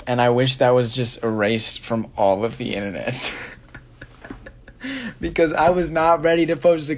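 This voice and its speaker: A man's voice: medium pitch, a little mellow. A young man, a singer, casually answering fan questions on a phone livestream, sleepy and rambling with many fillers. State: sleepy, yawning.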